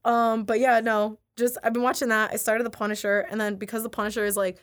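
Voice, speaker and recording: A woman's voice: on the high side, little pitch movement, fast. A young adult woman chatting casually as a podcast co-host, peppering her talk with "like" and retelling scenes with animation. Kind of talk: casual chat.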